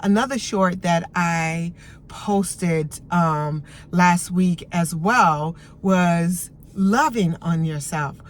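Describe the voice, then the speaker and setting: Woman, middle-aged, self-help coach, gentle and soothing, very slow delivery, faint background noise. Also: on the low side. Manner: gentle, soothing, unhurried guidance. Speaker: behavioral health coach. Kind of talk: self-help vlog talk.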